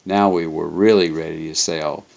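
A man reading a first-person travel memoir aloud, unhurried, with occasional slips and self-corrections. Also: rumbling low, steady tone, vocal fry, darkish tone, dull audio.

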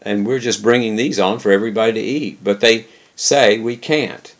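A ship's cook pleads urgently for help, as a man voices him. The voice stays low and gravelly. The recording is dull and lo-fi. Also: moderate pace. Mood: pleading.

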